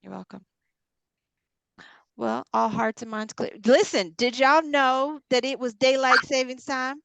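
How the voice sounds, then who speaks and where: A woman co-hosting a casual chat, lively and acting out quoted voices as she talks. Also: high voice, unhurried, creaky, no room sound. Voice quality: animated, acts out quoted voices.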